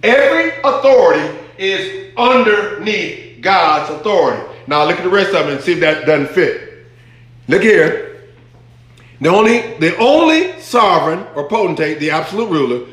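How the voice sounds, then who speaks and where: The pastor's voice is high-pitched and fairly bright, very animated but at a normal speed, ringing through a very echoey hall. Teaching emphatically, he repeats key phrases again and again and prompts the congregation to call back answers.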